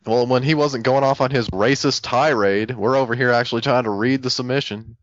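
A man's voice: mid-range voice, a little fast, lo-fi sound. A man co-hosting a casual gaming podcast in a laid-back way, riffing on jokes. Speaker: podcast co-host. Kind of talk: casual chat.

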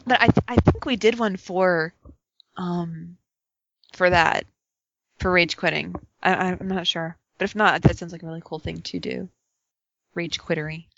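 A woman's voice: fairly low pitch, steady tone, moderate pace, creaky, a bit bright, no echo. A woman co-hosting a casual gaming chat, talking animatedly and laughing often. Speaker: podcast co-host. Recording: dull lo-fi sound.

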